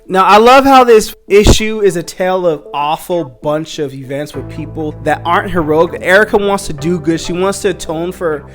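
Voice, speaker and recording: A man recapping a comic book story in a casual, slangy, excitable way, acting out the characters' lines as he goes. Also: high-pitched. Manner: animated, slangy, excitable retelling.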